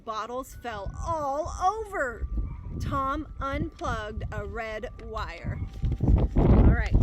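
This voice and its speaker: A woman teaching a remote reading lesson to young students, upbeat and encouraging, reading aloud slowly and carefully, recorded on a laptop microphone outdoors in her garden with wind noise. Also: a little high. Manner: slow, careful read-aloud delivery.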